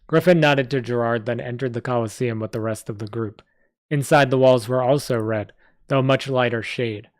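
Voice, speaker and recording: A man's voice: medium pitch, moderate pace, no echo. A man reading a story aloud on a live stream, with small slips and asides. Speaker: story reader.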